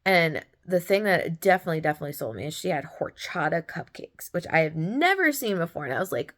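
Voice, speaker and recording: A woman's voice: low-pitched, big pitch swings, quick pace. A young woman telling a story in a casual, gushing way, laughing often as she talks. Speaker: podcast host.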